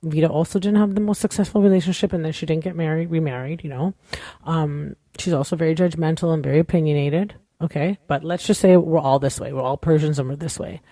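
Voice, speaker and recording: Her voice is low-pitched and dark, her pace quick, and the recording dry and studio quality. The woman hosts a podcast, giving a candid, opinionated, casual show recap that rambles and is full of "like" and "you know."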